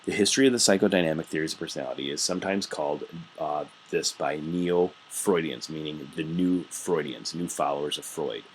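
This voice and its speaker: Guy teacher with a super low voice, talking through his notes casually, lots of ums. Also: a little fast, hardly any pauses, a little hiss or hum. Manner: conversational, explains with everyday examples and frequent fillers. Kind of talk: recorded classroom lecture. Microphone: computer mic while scrolling through notes.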